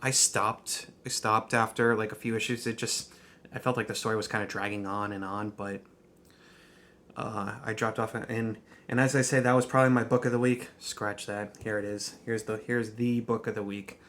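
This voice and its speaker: A man chatting casually in a vlog, talking warmly, restarting his sentences and laughing often. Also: on the low side, level tone, normal speed, slight background noise. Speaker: comic book vlogger. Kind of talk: casual chat.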